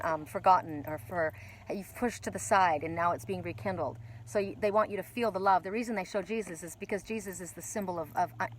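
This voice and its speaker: A woman giving an oracle card reading outdoors by the water, talking excitedly and breaking into gasps and exclamations. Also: lowish voice, slight background noise.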